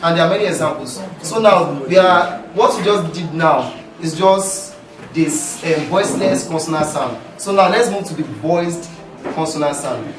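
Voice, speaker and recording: A man with a Nigerian accent teaching pronunciation to a class, drilling sounds by repeating words loudly. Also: on the high side, moderate pace, crowd noise. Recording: echoey room from far off with music.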